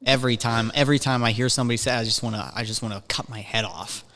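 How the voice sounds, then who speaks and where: A man on a casual podcast, ranting and swearing, often jumping into a high mocking voice. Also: fairly even intonation, very fast, sharp tone. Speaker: podcast co-host. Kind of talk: casual chat. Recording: long hall reverb.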